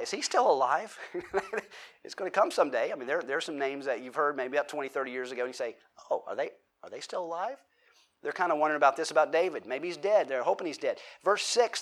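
Man, sermon teacher, slightly high voice, chatty delivery that questions the crowd. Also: a bit bright. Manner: conversational, asks the audience questions, acts out quotes. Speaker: pastor.

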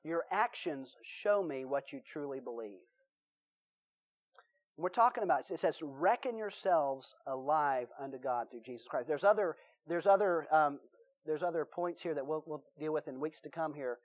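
A man's voice: fairly high pitch, moderate pace. A man with a Southern US accent preaching a sermon, telling folksy stories and acting out the voices in them. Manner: folksy storytelling, acts out voices in his stories. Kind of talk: sermon with anecdotes.

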